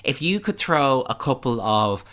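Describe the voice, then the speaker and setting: Teasing podcast host, bright punchy voice, chatty. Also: medium pitch, sing-song, a little slow. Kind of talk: casual chat.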